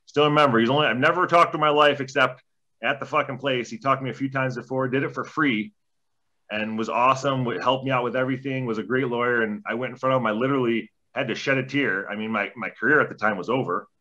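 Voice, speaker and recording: Swearing, laid-back man with a bright voice. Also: medium pitch, fairly even intonation, quick pace. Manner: laid-back, heavy swearing, rambling anecdotes. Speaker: podcast guest, former junior hockey player. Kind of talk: casual storytelling interview. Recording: dull lo-fi podcast audio.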